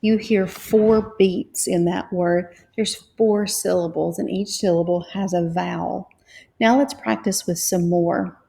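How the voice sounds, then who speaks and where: A woman reading teacher leading a phonics lesson, spelling out letters and sounding out syllables slowly and patiently. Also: on the low side, fairly even intonation, creaky, dark tone. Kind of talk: slow, clear phonics lesson.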